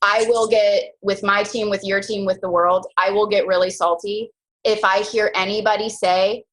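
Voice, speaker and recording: A young woman leading a team coaching call, chatty and animated, full of slang and quick asides. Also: poor audio. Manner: animated, chatty, slangy, jumps into high mock voices. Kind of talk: casual motivational team call.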